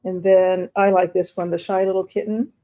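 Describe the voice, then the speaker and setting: This live-stream seller has a fairly low voice with flat delivery and normal speed, and the highs are cut off. Hosting an online auction, she chats about every item and addresses bidders in a chatty, rambling, warm way full of fillers.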